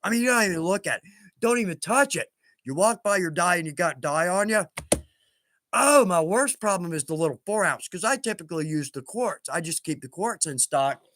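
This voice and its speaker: Male livestream host, high bright voice, chatty and self-deprecating, quick to laugh, dry close sound. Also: expressive, dry recording. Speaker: livestream host reading viewer comments. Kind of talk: casual livestream chat.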